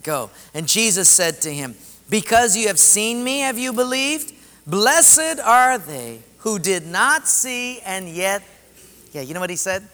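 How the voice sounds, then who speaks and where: Animated preacher in an echoing hall. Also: male voice, high-pitched, unhurried. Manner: animated, acts out voices in stories. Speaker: pastor. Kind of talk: sermon with storytelling. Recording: long reverb of a hall.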